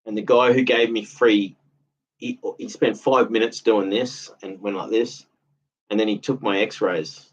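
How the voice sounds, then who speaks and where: Husky man rambling with a grievance. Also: lowish voice, steady tone, unhurried. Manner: rambling, aggrieved, repeats himself. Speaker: vlogger. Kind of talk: casual monologue. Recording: dull lo-fi audio.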